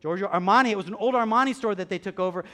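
A male pastor with a high voice preaches at a rapid-fire pace, acting out quoted voices and swinging between hushed, quiet stretches and loud bursts.

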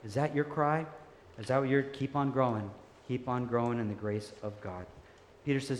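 A man's voice: medium pitch, brisk. Man preaching in an echoey hall. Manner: earnest, animated storytelling, laughs easily. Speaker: pastor. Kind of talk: sermon. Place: church sanctuary. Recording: echoey hall with faint ambience.

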